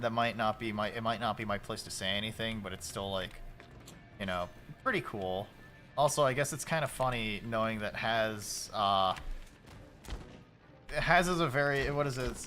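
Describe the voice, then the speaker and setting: A man in his late twenties chatting casually while streaming a game, loose and profane, shouting at the game when it goes wrong. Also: medium pitch. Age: late 20s.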